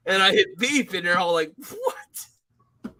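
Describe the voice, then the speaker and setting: Lively, bright-voiced male podcast co-host. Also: high voice, a little fast. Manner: animated, profane, acts out others with a shouting voice. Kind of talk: casual chat, storytelling.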